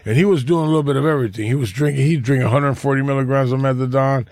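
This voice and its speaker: A man's voice: medium pitch, steady tone, rapid-fire, a little mellow, dry recording. A man hosting a podcast, telling a story in a loose, profane, slangy casual chat in a studio.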